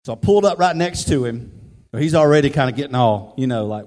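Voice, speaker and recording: A man's voice: mid-range voice, quick pace. Man preaching a story in a reverberant hall. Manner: conversational, animated storyteller. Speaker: pastor. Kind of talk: storytelling sermon. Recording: reverberant hall, faint music.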